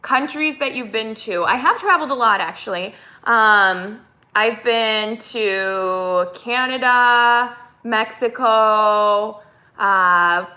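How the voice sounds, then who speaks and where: Speaking slowly in a bright, forceful voice that runs on the high side, this woman hosts a casual live stream. She's from the United States, has a Minnesotan accent, and chats as she reads out viewer comments and responds to them.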